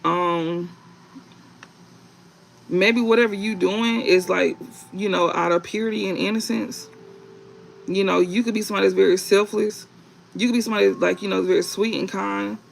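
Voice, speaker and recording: A man giving a casual tarot reading to viewers, rambling and halting with many fillers and restarts, and reading card meanings aloud. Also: high voice, fairly even intonation, vocal fry, slight background noise, poor audio. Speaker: tarot reader.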